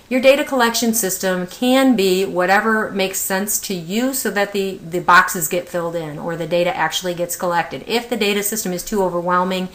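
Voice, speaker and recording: A woman's voice: on the low side, a bit bright. Chatty woman giving a teacher training. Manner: conversational, many fillers, asks rhetorical questions. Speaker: autism specialist presenting a teacher training. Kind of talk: recorded training lecture.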